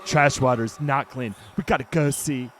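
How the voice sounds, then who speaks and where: A man voicing a gruff young man in a video game who is impatient with his friend. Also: medium pitch, normal speed, fairly bright tone, a little hiss or hum, close to an everyday voice.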